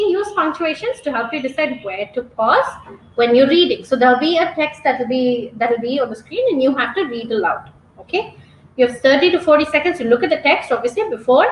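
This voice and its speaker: High-voiced woman teaching a webinar. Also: reverberant, slight background noise, poor audio. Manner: constantly checks in with "okay?". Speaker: exam prep trainer. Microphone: computer mic on webinar.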